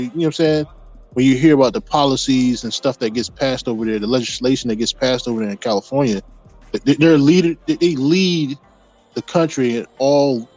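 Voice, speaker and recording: A man's voice: medium pitch, darkish tone. A man talking casually as podcast host, rambling with lots of restarts and fillers. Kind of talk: casual chat. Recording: dull lo-fi audio.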